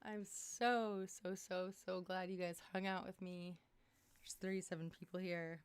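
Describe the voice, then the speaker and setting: A young woman hosting a casual livestream from her small room at home, chatty and excitable, jumping between topics while tired and losing her voice. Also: lowish voice, unhurried, clean tone, no echo. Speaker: livestream host.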